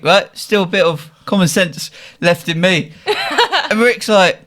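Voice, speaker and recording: A young man tells a lively story in a casual chat, often breaking into laughter. He acts out the lines of his friends as he goes. His voice sits a little on the higher side. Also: unhurried. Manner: laughing often, animated anecdote with quoted voices.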